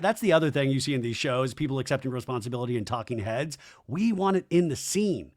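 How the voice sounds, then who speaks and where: A male podcast host giving a comedic, profane TV recap in animated, rapid storytelling. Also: mid-range voice.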